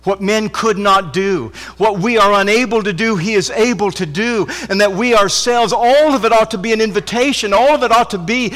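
A man preaching a sermon to a congregation, fervent, repeating phrases with stammered restarts and swinging from loud emphasis to hushed intensity. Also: high-pitched, moderate pace, hardly any pauses. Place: church with congregation. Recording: long hall reverb.

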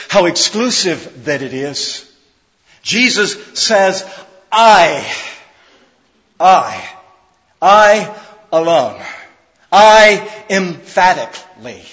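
A man's voice: very high-pitched, fairly bright tone, in a large hall, rough recording. A man preaching a sermon in a fervent, emphatic manner, driving his points home with repeated phrases.

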